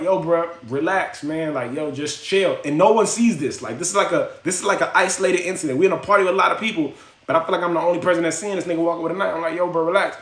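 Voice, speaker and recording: A man's voice: fairly high pitch, a bit bright. A man hosting a phone livestream, telling a story in casual slang and acting out the voices of the people in it. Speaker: livestream host. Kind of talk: casual storytelling to live chat. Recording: echoey room.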